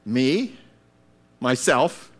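A man preaching a sermon, acting out voices and breaking into shouted calls to get up. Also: mid-range voice, big pitch swings, extremely slow, breathy edge.

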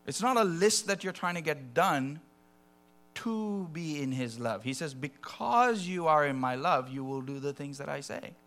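Animated man preaching a sermon. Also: fairly high pitch, a little slow. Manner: animated, swings between soft asides and loud acted quotes.

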